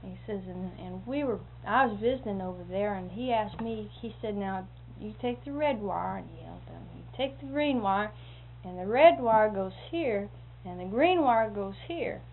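A woman's voice: mid-range voice, expressive, normal speed. A woman telling homespun stories casually, chuckling often and acting out what others said. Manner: chuckling often, acts out quoted speech. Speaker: storyteller. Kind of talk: casual anecdotal storytelling. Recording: phone-like lo-fi audio with faint hiss.

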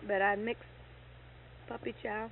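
A woman's voice: mid-range voice, a little slow, creaky. A middle-aged woman, a horse owner, telling stories in casual chat, acting out quoted dialogue and getting heated as she retells. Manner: animated, acts out quoted dialogue, gets heated retelling anger. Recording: tinny lo-fi tape with faint hiss.

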